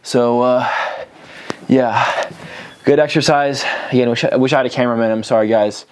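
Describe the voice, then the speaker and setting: A man's voice: mid-range voice, fairly even intonation, moderate pace, clean tone. A young man giving casual home workout instructions from a cramped bedroom, talking loosely, swearing now and then, and out of breath while he exercises. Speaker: fitness vlogger. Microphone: camera on a tripod.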